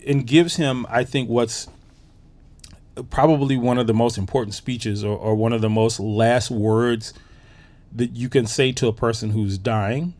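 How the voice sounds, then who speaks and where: An excited man hosts a podcast and talks through a movie review in a loose, casual way. His voice sits at an ordinary middle pitch. He keeps stumbling over restarts and filling gaps with "you know" as he gets carried away. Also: unhurried. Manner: enthusiastic, heavy on fillers and restarts. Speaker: podcast host.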